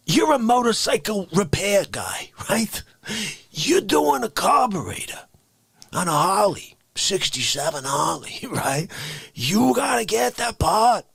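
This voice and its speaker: A man voicing a raspy older Bronx tough guy who demands respect, cornering people with questions in hoarse whispers and sudden shouts. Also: sits high, dry recording, pitched above the performer's own voice, full character voice. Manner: menacing interrogating rants.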